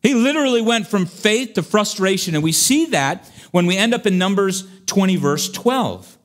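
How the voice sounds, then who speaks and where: A man preaching a sermon in an animated, humorous way, acting out scripture stories as he teaches. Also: high voice, normal speed.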